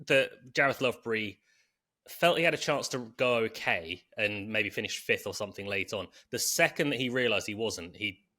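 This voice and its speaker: Bloke cohosting a racing pod, lowish but bright voice, chatty, runs the segments. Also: male voice. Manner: chatty, runs the show with subscribe plugs and quick asides. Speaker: podcast co-host. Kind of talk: casual horse racing preview chat.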